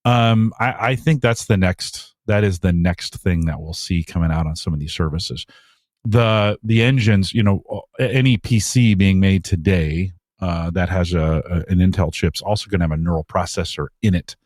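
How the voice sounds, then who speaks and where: Low-voiced male co-host, loose rambling delivery, dry sound. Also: moderate pace, darkish tone, no room sound. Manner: rambling, trails off mid-sentence. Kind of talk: casual podcast chat.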